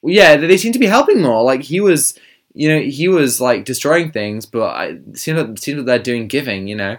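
A man's voice: medium pitch, lively intonation, moderate pace. A man co-hosting a podcast in casual chat, explaining his views at length with some fillers. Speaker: podcast co-host.

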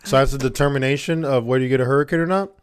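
A man's voice: mid-range voice, racing, clear, resonant tone. A man co-hosting a podcast, teasing and joking in casual chat. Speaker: podcast co-host.

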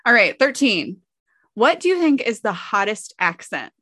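Frank, giggly woman, lively voice. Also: medium pitch, normal speed, dry recording, studio quality. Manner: giggly, frank, filler-heavy. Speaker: co-host reading questions. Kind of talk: casual chat.

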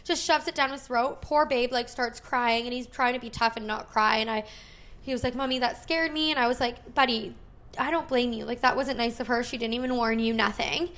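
A woman's voice: fairly high pitch, fairly quick. A woman in her thirties, a podcast host, casually telling a story, full of "like" and quoted dialogue. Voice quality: frequent "like" fillers, animated retelling with quoted dialogue.

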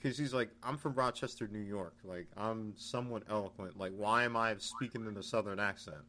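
A man co-hosting a podcast in casual chat, recapping news in a relaxed, chatty way. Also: on the low side, a little fast. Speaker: podcast co-host.

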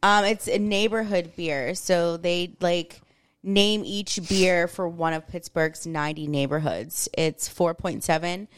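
A woman's voice: on the low side, steady tone, a little slow, clear, resonant tone. A woman co-hosting a casual podcast, upbeat, with many fillers like um and like. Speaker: podcast co-host. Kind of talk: casual chat.

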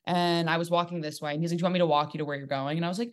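A young adult woman comedian telling a dating story in casual podcast chat, animated and joking, with quick asides. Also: fairly low pitch. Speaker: comedian guest.

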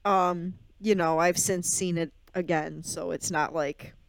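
A woman's voice: lowish voice, steady tone, creaky, clear, resonant tone, dry recording. Woman cohost teasing her friend, snappy and sarcastic, dry mic on a call. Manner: sarcastic, quick to react, playful teasing. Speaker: podcast co-host. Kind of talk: casual chat. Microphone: remote call mic.

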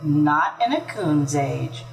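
A woman's voice: sits low, animated, slow, vocal fry, pitched below the performer's own voice, full character voice. A woman doing a sniffy snappish cat. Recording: roomy, distant, faint music.

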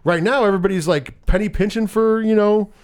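A man in casual chat, recapping a movie and acting out its scenes in quick voices. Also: high-pitched, clear, resonant tone. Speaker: movie podcast co-host.

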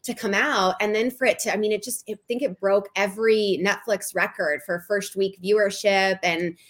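A woman's voice: medium pitch, fairly even intonation, moderate pace. A woman who is a writer and a guest on a podcast, telling stories in a chatty way and acting out quotes. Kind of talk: casual chat.

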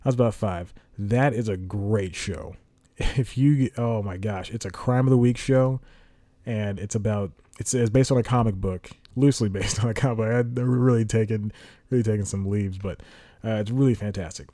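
A man's voice: on the low side, moderate pace, mellow, dry recording. A young man hosting a solo podcast, chatting casually and rambling, correcting himself and chuckling as he goes. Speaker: podcast host.

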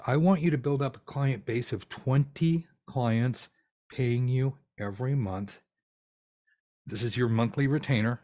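A man's voice: medium pitch, unhurried, warm tone. A man teaching tarot readers how to earn money, talking in a blunt, ranty, profane way. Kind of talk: ranty casual coaching monologue.

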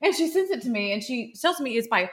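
A woman's voice: on the high side, very animated, quick pace. A woman in her thirties or forties co-hosting a podcast, telling a chatty anecdote and acting out the dialogue. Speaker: podcast co-host. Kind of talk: casual storytelling chat.

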